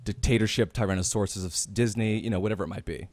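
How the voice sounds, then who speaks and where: A man's voice: fairly low pitch, a little mellow, dry recording. A young man co-hosting a casual podcast, playful and stammering as he jokes along. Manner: stammering, playful, quick to joke. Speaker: podcast co-host. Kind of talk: casual chat.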